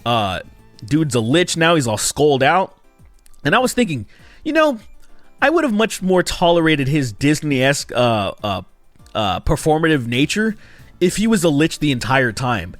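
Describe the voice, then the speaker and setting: A man giving a casual spoken game review, animated and exasperated, with mocking asides. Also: a little high, dry recording, faint music behind. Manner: animated and exasperated, mocking characters with quick impressions.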